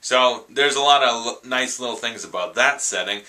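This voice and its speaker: A man's voice: medium pitch, normal speed, pushed and bright. Gushing man reviewing a favorite movie. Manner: gushing, rambling enthusiasm. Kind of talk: casual vlog review.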